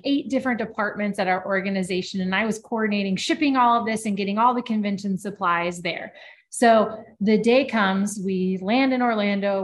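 A woman's voice: medium pitch, slight background noise. Chatty woman telling a work story. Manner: lively anecdotal telling, frequent "like" fillers. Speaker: podcast co-host. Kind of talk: casual storytelling chat.

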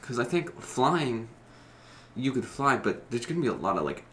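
A man's voice: mid-range voice, very animated, normal speed, a bit bright, a little hiss or hum. A man co-hosting a podcast from a hotel room, asking questions and giggling in casual chat.

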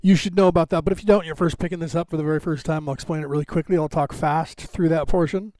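A man's voice: on the high side, fairly even intonation, fast, mellow, no echo. A man hosting a live podcast stream, chatting casually and rambling with many fillers and restarts. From United States. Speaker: podcast host. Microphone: camera on a box, live stream.

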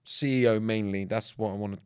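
A man's voice: on the low side, a little fast, clean tone. A man with a British accent co-hosting a podcast in casual chat, telling stories animatedly and mimicking others. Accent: British English. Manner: animated storyteller, slips into others' voices when retelling. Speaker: podcast co-host.

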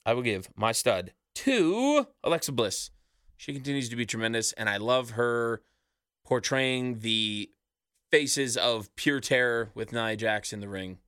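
Blunt, bright-voiced male co-host. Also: mid-range voice, expressive, measured pace, smooth, no echo, clean studio sound. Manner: blunt, opinionated. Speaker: podcast co-host. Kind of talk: casual chat.

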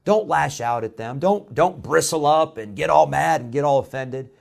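Pastor preaching in a conversational tone. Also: male voice, on the high side, lively intonation, moderate pace, creaky, a little mellow. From Illinois. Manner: conversational storytelling with frequent "uh" fillers. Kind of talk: sermon.

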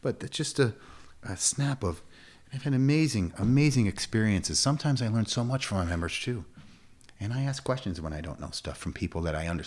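Male coach, 40s, very low voice, emphatic and repetitive interview guest. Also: animated, a little mellow. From United States. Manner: emphatic, repetitive, quick swings up to a high pitch. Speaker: fitness coach. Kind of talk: casual interview talk.

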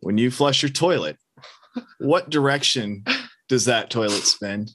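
A man guesting on a casual podcast chat, talking in a halting way and often repeating words as he thinks. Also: medium pitch, fairly bright tone.

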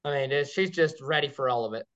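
A man, a guest on a podcast, telling stories in an excited, rambling way with many restarts. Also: medium pitch, fast. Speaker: guest, game caller. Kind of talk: casual podcast chat. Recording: dull lo-fi sound.

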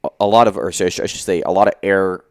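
A laid-back man with a low voice hosts a casual chat, hesitant and full of pauses. The sound is dry and close to the mic. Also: fairly even intonation, no room sound. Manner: laid-back, hesitant, many ums and restarts.

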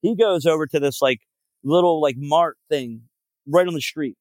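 A man with a voice on the high side, a little mellow and at a moderate pace, tells a long road story on a podcast where he's a guest. The Philadelphia-area band frontman rambles, swears and uses plenty of fillers, and the recording has no room sound.

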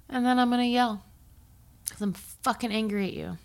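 A woman's voice: fairly high pitch, steady tone, normal speed. A woman in heated, profane political chat, slipping into mocking impressions of angry men.

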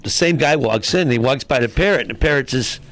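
A man's voice: mid-range voice, animated, fast, a bit bright. A man, a comedian guest, telling jokes and acting out the characters in them. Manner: telling jokes with acted voices, gravelly. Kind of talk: joke telling.

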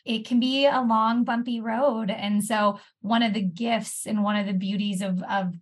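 A woman's voice: a little high, fairly even intonation, a little slow. A woman therapist in a podcast interview, walking through steps one by one with everyday examples. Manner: warm explanatory, walks through steps with examples. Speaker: therapist guest.

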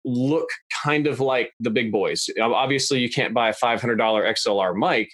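A young adult man talking in a measured, analytical, plain-spoken way as a podcast guest. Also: medium pitch, a bit bright, no room sound. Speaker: guest YouTuber. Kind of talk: casual podcast interview. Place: podcast studio.

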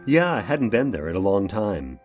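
A man's voice: fairly low pitch, big pitch swings, moderate pace, darkish tone, soft background music. An actor playing a fussy, genteel workshop owner who narrates his own story in an old-fashioned, prim way, in a radio drama. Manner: prim, old-fashioned, addresses listener directly.

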